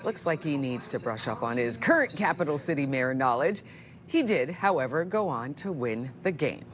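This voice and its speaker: A woman's voice: rumbling low, animated, moderate pace. A woman anchoring a morning show with light, friendly hand-offs. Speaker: studio anchor.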